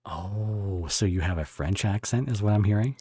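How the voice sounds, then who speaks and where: Low, husky male podcast host. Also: dark tone, no room sound, studio quality. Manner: rambling, halting, many restarts. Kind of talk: casual podcast interview.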